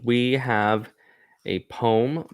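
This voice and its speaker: Thinking aloud with frequent restarts, a man offers casual commentary on poems as host of a poetry reading show. He draws out his words in a medium-pitched, fairly even voice, and the recording is dry and studio quality.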